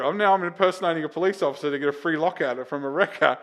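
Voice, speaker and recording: A man with an Australian accent, a comedian guest on a podcast, telling stories in lively casual chat and slipping into voices when he quotes people. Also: on the high side, racing, few pauses. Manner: animated storyteller, slips into voices for quotes.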